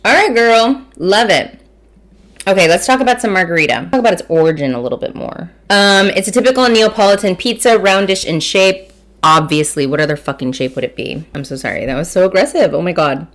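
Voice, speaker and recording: A woman in her thirties from Mission, Texas, hosts a laid-back food and wine podcast, chatting, poking fun at herself and swearing freely as she eats and tastes. Her mid-range voice is expressive and brisk, with a fairly bright tone.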